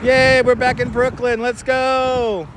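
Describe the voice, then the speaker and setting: A man's voice: very high voice, level tone, takes it slowly. Chatty man on a busy city street. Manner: chatty and joking, answers viewers by name. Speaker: live-stream host. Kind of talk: casual live walking stream, chatting with viewers. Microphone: wireless clip-on mic. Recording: street traffic noise behind.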